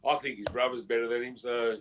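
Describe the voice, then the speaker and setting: Laid-back man, mid-pitched. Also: flat delivery, fast talker, fairly bright tone, slight background noise, low-quality recording. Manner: laid-back, hesitant with ums. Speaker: podcast co-host. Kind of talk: casual fan panel chat.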